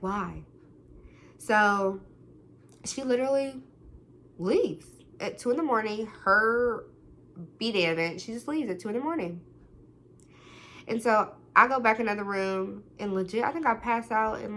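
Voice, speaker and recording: A young adult woman vlogger telling a story in a casual, slangy way, with plenty of swearing. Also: mid-range voice. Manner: chatty, slangy, animated retelling with swearing.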